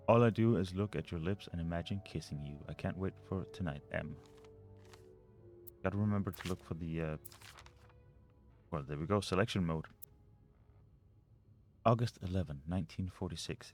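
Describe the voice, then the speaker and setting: A man's voice: low-pitched, fairly quick, long pauses, a little mellow, faint music behind. A man playing a mystery video game, reading notes and letters aloud and muttering over the puzzles. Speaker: let's play gamer.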